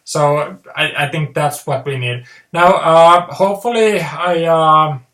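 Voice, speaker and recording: A man's voice: fairly high pitch, slow pace, a bit bright. A man hosting his own video channel, rambling through a casual, hesitant monologue. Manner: hesitant, many fillers and restarts. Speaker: video host. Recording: roomy echo.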